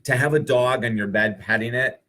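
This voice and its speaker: A man who is an author and speaker, telling spiritual stories to live viewers in an earnest, animated way, full of rhetorical questions. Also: medium pitch, moderate pace.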